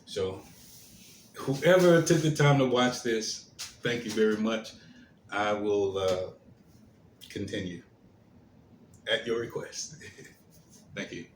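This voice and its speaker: Slow, halting man in an echoey room. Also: on the low side. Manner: halting, many fillers and restarts, soft trailing endings. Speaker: host of his own commentary stream. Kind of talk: slow, hesitant solo commentary. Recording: roomy echo, faint background hiss.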